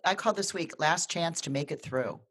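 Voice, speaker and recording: An astrologer co-host chatting casually on a live video. The voice sits at a middling pitch and tells stories animatedly, often stopping, restarting and repeating words. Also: brisk, a bit bright. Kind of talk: casual live video chat, telling a personal story.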